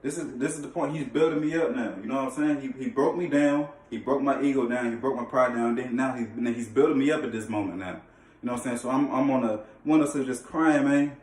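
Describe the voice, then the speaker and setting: A man's voice: medium pitch, fast, a little mellow. A man casually telling a personal faith testimony, earnest and slangy, often repeating and restarting his phrases. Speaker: vlogger sharing a faith testimony. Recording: echoey room, distant mic.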